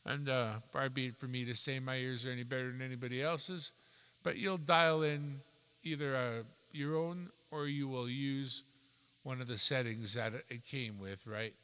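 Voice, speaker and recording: A man casually walking through his streaming gear, relaxed and rambling, correcting himself as he goes, into a dynamic microphone. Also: mid-range voice, moderate pace, clear, resonant tone, big-room sound. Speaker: YouTube creator reviewing streaming gear.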